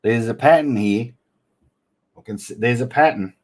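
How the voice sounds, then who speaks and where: A man's voice: medium pitch, moderate pace, darkish tone. A man hosting a casual livestream, reading viewer comments aloud and answering them with blunt, teasing banter full of slang. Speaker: livestream host.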